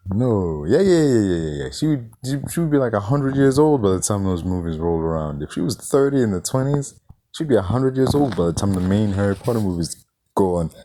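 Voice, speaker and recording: A man's voice: fairly low pitch, dark tone. A man reviewing a movie in an exasperated, incredulous rant, swearing often and firing off questions. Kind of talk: ranting film review.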